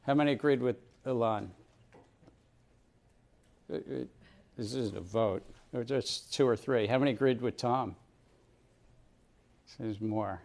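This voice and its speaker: A middle-aged man lectures a university class in a gravelly voice. He keeps it conversational, stopping often to ask the students questions, in a room with round tables. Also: medium pitch, unhurried, pauses often, a little mellow.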